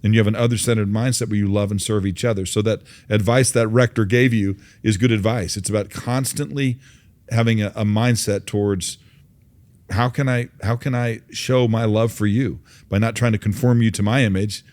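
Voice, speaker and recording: An earnest male interview host with a slightly low voice. He tells folksy stories about faith and often restarts his sentences. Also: steady tone, normal speed, darkish tone. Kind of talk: faith-based interview, storytelling.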